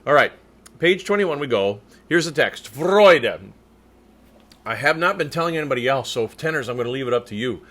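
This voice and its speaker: A man coaching tenors as a choir conductor, demonstrating German words slowly with crisp rolled R's between explanations. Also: mid-range voice, animated, pushed and bright. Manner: slow, deliberate delivery. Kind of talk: diction coaching lesson.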